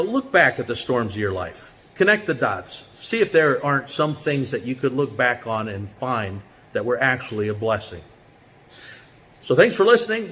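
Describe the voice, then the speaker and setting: A middle-aged man telling a personal story in a relaxed, chatty way as a vlogger with a weekly quote, with plenty of fillers as he talks. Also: mid-range voice. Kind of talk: casual motivational storytelling. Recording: long reverb with faint background noise.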